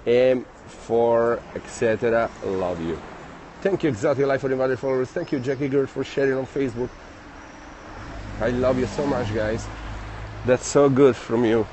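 This livestream host has a steady, darkish mid-range voice and talks at normal speed. Strolling through city streets and slightly winded, he reads out viewer comments and thanks each one, with a little background noise audible.

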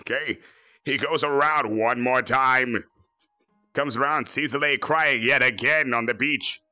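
A man doing a cocky, bright-voiced villain. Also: mid-range voice, unhurried, dry recording, faint music behind. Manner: boastful, crude, joking. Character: cocky arrogant male android villain, gamer. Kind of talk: fan parody voice acting.

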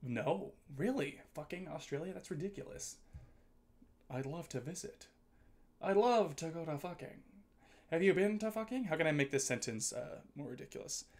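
A man streaming a video game, chatting casually and excitedly with viewers, with lots of swearing and jokes. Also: a little high, moderate pace. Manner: excitable, swears a lot, jokey. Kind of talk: casual gaming livestream chat.

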